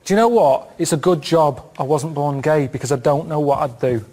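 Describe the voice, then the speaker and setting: A man with a Northern English accent, chatting on a comedy podcast in a deadpan, rambling way. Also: fairly high pitch, fairly quick. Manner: deadpan, rambling, plain-spoken. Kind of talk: casual comic chat.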